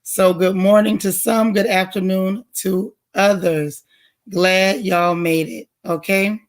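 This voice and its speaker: Hoarse middle-aged woman, livestream host, chatty, calls out viewers by name. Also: medium pitch, steady tone, slow pace. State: hoarse, strained voice. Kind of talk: casual livestream greetings to viewers.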